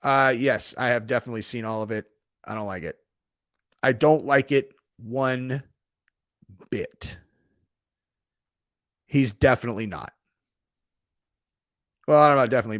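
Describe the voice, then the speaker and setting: A man's voice: medium pitch, no room sound. A laid-back man chats with his live audience from home and throws "dude" into nearly every line. He swears freely and keeps a mid-range voice. The recording is close and dry. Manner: profane, laid-back, says "dude" constantly. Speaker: streamer host. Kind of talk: casual live-chat stream. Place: home in Texas.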